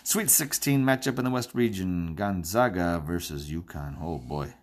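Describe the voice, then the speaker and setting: A man's voice: deep voice, moderate pace. A man hosting his own podcast alone, talking to himself as he makes tournament picks, joking and swearing as he goes. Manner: rambling, self-talking, jokey and profane. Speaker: podcast host. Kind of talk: casual solo sports-picks monologue.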